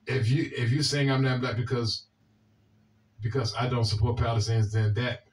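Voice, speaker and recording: A man with a Washington, D.C. accent talks bluntly and swears freely while he answers viewer comments, often circling back over the same words. His voice sits a bit back from the microphone at an ordinary, middle pitch. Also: level tone, normal speed, distant mic. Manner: blunt, profane, repeats himself. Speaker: video host.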